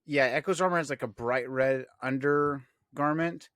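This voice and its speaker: A man's voice: medium pitch, normal speed, fairly bright tone, no echo, studio quality. A man co-hosting a podcast, talking in an easygoing way and drawing out his phrases. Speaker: podcast co-host. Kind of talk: casual chat.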